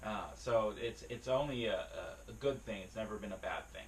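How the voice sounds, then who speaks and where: A man explaining a dog-training skill to the camera in a relaxed way, with plenty of fillers and restarts. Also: fairly low pitch, moderate pace, distant mic, slight background noise, poor audio. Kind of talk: casual spoken lesson to camera. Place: beside his dog, speaking to a camera.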